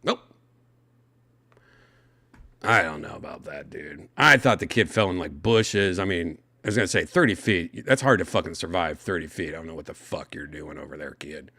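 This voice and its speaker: With a low-sitting voice and vocal fry, this podcast host reads the news aloud at normal speed, peppering his casual chat with exclamations and plenty of swearing. The recording is dry and studio quality.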